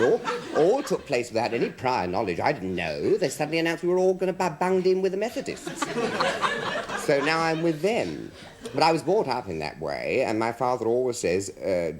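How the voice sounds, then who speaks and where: An English man with a plummy accent, talking as a talk show guest with theatrical, long drawn-out vowels. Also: on the low side. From England. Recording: hissy 1970s TV broadcast.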